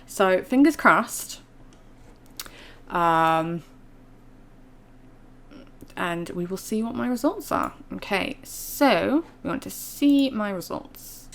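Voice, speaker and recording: Chatty woman vlogging, middle pitch, lots of ums and tangents. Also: animated, slow, gravelly, pauses often, a bit bright, a little hiss or hum. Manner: chatty, rambling with fillers. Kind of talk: casual vlog chat.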